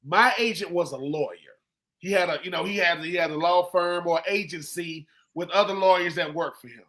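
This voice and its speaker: A man with a high, bright voice spins a casual story on a sports podcast. He slips into the voices of the people he quotes. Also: normal speed. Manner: animated storyteller who acts out quoted people. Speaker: co-host, former football player.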